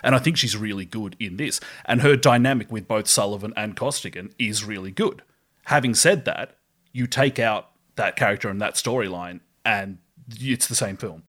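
Male podcast guest, mid pitch, considered and opinionated, easygoing. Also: moderate pace, a bit bright. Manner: considered, opinionated, laughs easily. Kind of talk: casual chat.

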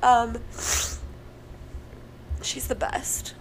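A woman's voice: on the high side, level tone, drawn-out words, a little hiss or hum. A young woman hosting a casual solo podcast, emotional and crying, laughing through tears and swearing freely. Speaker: podcast host.

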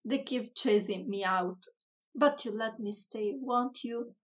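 Storybook ghoul, gloomy and pleading, woman reader doing the voice, slow, slightly distant mic. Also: on the high side, fairly bright tone. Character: lonely timid household ghoul, sulky and pleading.

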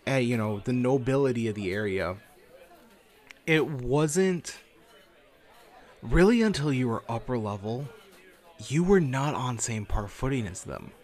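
A man co-hosting a podcast who talks in a relaxed, conversational way. He explains ideas at length with loose, offhand phrasing. He drops a swear word here and there without much emphasis. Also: mid-range voice, unhurried, pauses often. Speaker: podcast co-host. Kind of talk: casual chat about tabletop games.

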